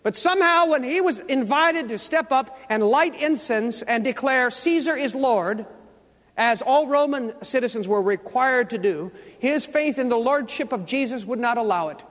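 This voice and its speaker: A man's voice: extremely high pitch, expressive, moderate pace, few pauses, a bit bright, long reverb tail. A man preaching a sermon, telling a Bible story and acting out what its people say, now and then asking his congregation questions. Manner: storytelling preacher, acts out biblical quotes, asks the congregation questions. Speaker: pastor.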